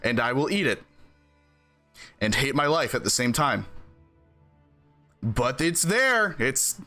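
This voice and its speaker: A man streaming, chatting casually with his viewers in an animated way and laughing between sentences. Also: mid-range voice, slow, soft background music. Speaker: game streamer.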